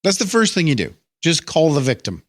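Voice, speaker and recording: A man's voice: a little high, sing-song, a little fast. A man co-hosting a tech podcast, chatting casually and joking easily with the host. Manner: joking, easygoing banter. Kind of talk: casual chat.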